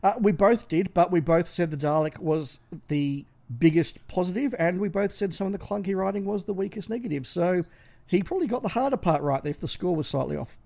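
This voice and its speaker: Aussie podcast cohost, kinda gravelly, higher pitched, lays out his points. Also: a little fast, darkish tone. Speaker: podcast co-host. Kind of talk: casual podcast chat.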